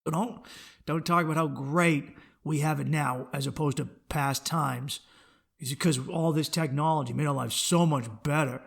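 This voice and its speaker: A young adult man hosting a solo podcast, with a somewhat high voice full of gravelly fry. He rambles and swears freely, and now and then jumps into loud, animated outbursts. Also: moderate pace. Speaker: podcast host. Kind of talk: casual solo podcast rant.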